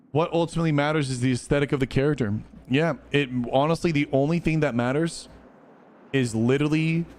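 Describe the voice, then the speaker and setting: A man's voice: a little high, slight background noise. A man streaming a game and chatting casually with viewers, laid-back, slangy and blunt. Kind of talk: casual live-stream chat.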